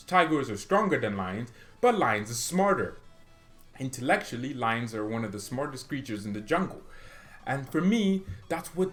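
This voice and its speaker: A man hosting a football fan channel, arguing his opinions in a jokey, animated way. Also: mid-range voice. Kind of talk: casual opinion vlog.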